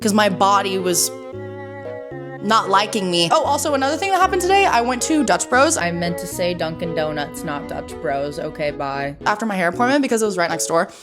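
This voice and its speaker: A woman's voice: mid-range voice, very animated, fairly quick, over music. A young woman vlogging in a casual, chatty way. She tells stories with energy and says "like" a lot. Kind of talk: casual chat.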